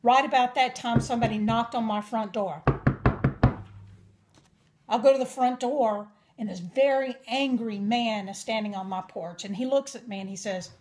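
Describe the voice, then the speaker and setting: A young woman with a drawl tells her life story as a testimony. Her voice sits slightly high, and she speaks with earnest, emotional sincerity. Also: normal speed, background noise. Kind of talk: personal testimony.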